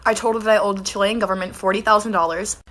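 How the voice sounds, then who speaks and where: A woman's voice: medium pitch, fairly even intonation, very fast, fairly bright tone. A young woman telling a mischievous comic story, giggling often.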